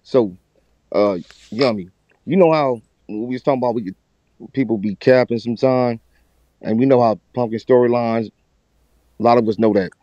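A man's voice: medium pitch, moderate pace, long pauses, dark tone, no room sound. Man hosting a live stream, muffled sound. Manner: addresses viewers directly, vouching. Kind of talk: casual live-stream talk.

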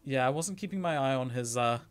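A man chatting on a game stream in an easy, joking way. He muses aloud over game stats and choices as he plays. His voice sits at an ordinary middle pitch. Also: a little fast, faint music behind. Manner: relaxed, jokey, thinks aloud about game stats. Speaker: streamer playing a video game. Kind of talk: casual game-stream chat.

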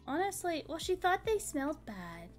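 A high-voiced woman, her pitch swinging widely, chats sleepily on her stream over soft background music. She's tired, talks casually and slowly, trails off between ideas, and lets out soft laughs.

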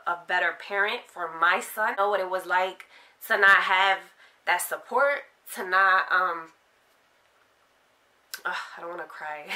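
Young woman vlogger from Philadelphia, crisp bright tone, heartfelt and emotional, loose rambling delivery with lots of fillers. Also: medium pitch. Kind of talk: candid personal story to camera.

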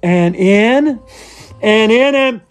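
A man playing an over-earnest female yoga instructor who leads a comic yoga class, chanting in a breathy sing-song. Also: high-pitched, extremely slow. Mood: dreamy.

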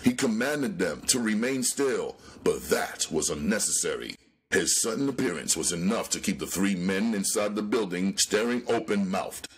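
A man narrating a crime novel as an audiobook in a dramatic, lively storytelling manner. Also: low voice, moderate pace, slightly rough. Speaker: audiobook reader.

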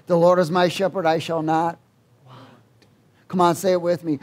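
A man preaching a sermon, quizzing the congregation and swinging between loud exhortation and quiet asides. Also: high-pitched, little pitch movement, normal speed.

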